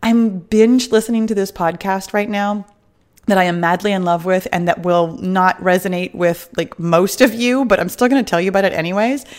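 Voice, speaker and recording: A woman's voice: mid-range voice, steady tone, normal speed. A middle-aged woman hosting a fitness podcast as a weight loss coach, chatty and upbeat, laughing often and wandering off on tangents. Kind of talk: casual podcast monologue.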